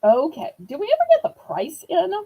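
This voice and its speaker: A woman's voice: very high-pitched, wildly swooping pitch, moderate pace, muffled recording. A woman with a Southern accent hosting a live online auction, chatty and upbeat as she shows items. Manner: chatty, upbeat, playfully sings prices. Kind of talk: live home shopping sale.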